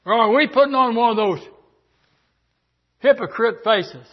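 An older man from the American South preaching a sermon, moving from quiet storytelling to fervent shouting. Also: very high-pitched, measured pace, dull audio.

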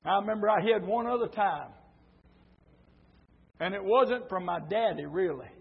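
A middle-aged man preaching a sermon, telling stories and swelling into shouted preaching, heard on a dull lo-fi church recording. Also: sits high, expressive, normal speed, husky.

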